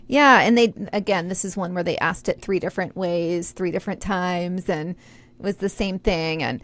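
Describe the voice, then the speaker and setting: A woman's voice: on the low side, normal speed. A woman co-hosting a podcast, chatting in a reflective, casual way. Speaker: podcast co-host. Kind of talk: casual conversation.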